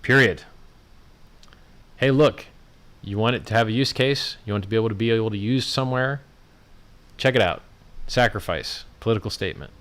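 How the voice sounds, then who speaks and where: Low-ish voiced guy doing a loose livestream, brash and mocking, ranting away. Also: brisk. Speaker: livestream host. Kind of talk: casual livestream commentary.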